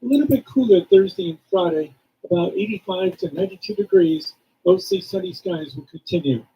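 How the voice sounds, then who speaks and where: A man reading a radio weather forecast as a meteorologist, in a measured, matter-of-fact way, with a dull muffled lo-fi sound. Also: high-pitched, slightly rough.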